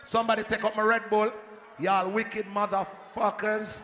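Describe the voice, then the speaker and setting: A man with a Jamaican accent hyping a live dance as sound system selector, shouting and joking with the crowd over a handheld mic. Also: high-pitched, flat delivery, normal speed. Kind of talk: live hype talk at a dance. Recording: echoey hall, faint crowd noise.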